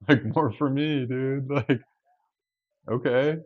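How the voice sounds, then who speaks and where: A man's voice: mid-range voice, steady tone, drawn-out words, narrow, tinny audio. A man vlogging in a laid-back, chatty way, full of "like" and "dude.". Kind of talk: casual chat.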